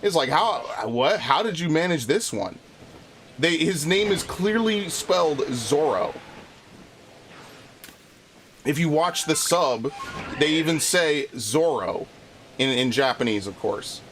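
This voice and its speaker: A man's voice: fairly high pitch, animated, a little slow, fairly bright tone, slight background noise. A man streaming a video game, chatting casually in a rambling, frustrated way, swearing often and restarting his sentences. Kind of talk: casual live-stream chat while playing.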